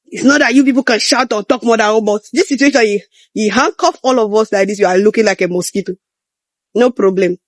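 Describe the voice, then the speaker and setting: A man's voice: high-pitched, fast talker, no echo. A man giving casual news commentary, emphatic and repetitive, chuckling between points.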